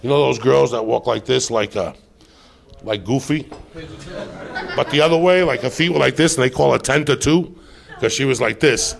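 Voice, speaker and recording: A man hosting a live podcast, telling rowdy, profane stories in a loud, animated way. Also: mid-range voice, normal speed, vocal fry, long pauses. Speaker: podcast host.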